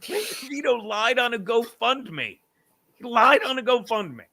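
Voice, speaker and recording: A man's voice: very high-pitched, a little slow, vocal fry. A middle-aged man hosting a casual comedy podcast, ranting and swearing, often laughing at himself. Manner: animated, swearing, argues with self, laughs often. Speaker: podcast host.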